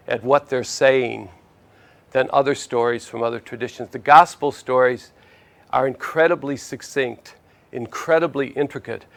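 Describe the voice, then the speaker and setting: Man, spiritual teacher, gravelly, conversational, storytelling lecture. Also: medium pitch. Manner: conversational, asks "see?" to check in with listeners.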